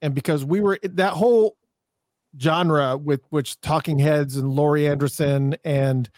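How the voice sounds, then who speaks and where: A man's voice: a little high, fairly even intonation, measured pace, darkish tone, no room sound, clean studio sound. A man hosting an interview, asking questions in an enthusiastic, chatty way. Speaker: host. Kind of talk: casual interview chat.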